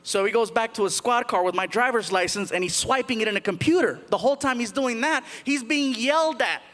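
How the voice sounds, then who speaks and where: A man doing stand-up comedy, telling a story with animated delivery, acting out voices and shouting punchlines. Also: very high-pitched, brisk. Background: audience laughter.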